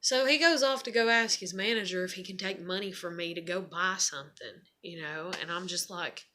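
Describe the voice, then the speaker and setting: Bright-voiced, profane woman venting. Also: fairly low pitch, fairly quick, slight background noise. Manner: profane, rambling, constant "you know" fillers; frustrated and venting. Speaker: mother telling a personal story. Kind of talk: casual storytelling vlog.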